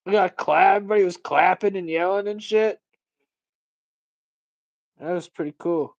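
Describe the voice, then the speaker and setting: A man's voice: high voice, moderate pace, gravelly, no room sound, highs cut off. A man hosting a casual livestream, talking in a rambling, profane, ranting way. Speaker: livestream host.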